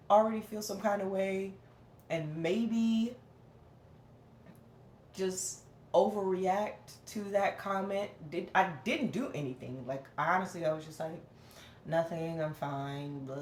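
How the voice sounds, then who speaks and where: A woman venting to camera in a candid, rambling personal rant, often dropping low and flat to mimic what others said. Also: slow, roomy sound, a little hiss or hum. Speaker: vlogger.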